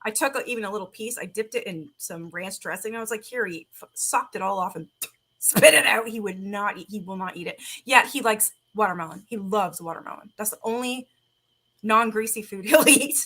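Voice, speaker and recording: A woman's voice: medium pitch, a little fast, sharp tone. A woman hosting a podcast, chatting casually and telling stories with lots of laughter and swearing. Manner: laughing storyteller, swears freely. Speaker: podcast host. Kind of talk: casual chat.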